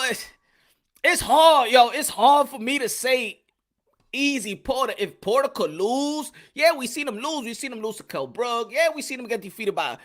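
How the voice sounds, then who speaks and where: Animated boxing stream host, bright voice. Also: male voice, extremely high pitch. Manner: animated, repetitive, shouting out chat names. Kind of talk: live-stream commentary chatting with viewers.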